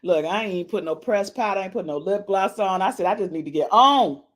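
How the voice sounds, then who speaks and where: A woman's voice: mid-range voice, fairly quick. A woman hosting a casual live-stream podcast, talking playfully to her chat and calling out meows. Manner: animated, playful, says meow to the chat; African American Vernacular English speech patterns. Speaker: podcast host.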